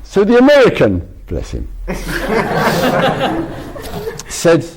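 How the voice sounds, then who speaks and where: A man's voice: high voice, wildly swooping pitch, very slow, heavy background noise. A man giving a casual spiritual talk, rambling with frequent restarts and laughter. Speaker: spiritual teacher.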